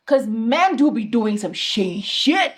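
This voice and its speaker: A woman's voice: fairly high pitch, sing-song, a little slow, husky. Chatty young woman acting out quotes. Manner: acts out quoted voices, conversational and reflective. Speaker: podcast co-host. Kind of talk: casual chat.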